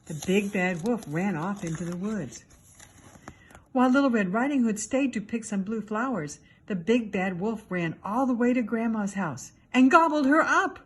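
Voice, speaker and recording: Woman reader, kids' storybook, husky, very lively pitch. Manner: expressive, animated reading for children. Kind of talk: storybook read-aloud.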